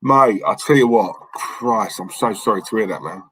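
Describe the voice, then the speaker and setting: A man hosting a casual live stream speaks at a moderate pace in a lowish, husky voice that's a bit bright. He's blunt and rambling as he reads viewer messages, and the audio is poor.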